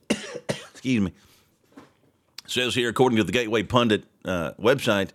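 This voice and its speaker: A man with a mid-range voice runs a laid-back morning talk show, reading out news stories and wandering into asides with the occasional chuckle.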